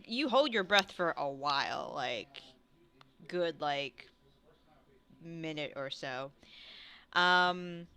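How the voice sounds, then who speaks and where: A woman running a tabletop game as game master, chatty and quick to laugh. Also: mid-range voice, sharp tone, clean tone. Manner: chatty, laughs often, frequent restarts.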